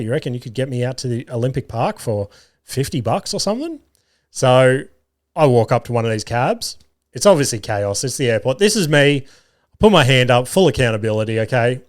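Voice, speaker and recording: Swearing Australian man telling stories. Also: medium pitch. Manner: animated, swearing, self-mocking. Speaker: podcast host. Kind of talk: casual storytelling monologue. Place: home garage studio.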